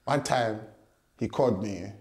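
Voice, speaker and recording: A young Ghanaian man with a Ghanaian accent, appearing as a guest boxer, tells a story in a casual interview. His voice is on the low side and unhurried, recorded with a roomy sound, and he's animated, laughing often as he acts out voices.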